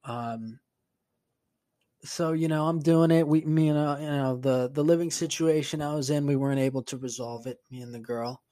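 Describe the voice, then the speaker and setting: A man's voice: a little high, fairly even intonation, moderate pace, warm tone. A man hosting a podcast, telling a rambling, profane story in a casual monologue, sounding exasperated. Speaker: podcast host.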